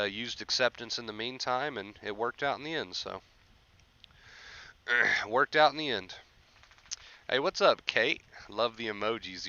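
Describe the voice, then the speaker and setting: A man's voice: fairly low pitch, bright, forceful tone, smooth, dry recording, highs cut off. A young man hosting a casual livestream, encouraging viewers about anxiety recovery and reading chat aloud.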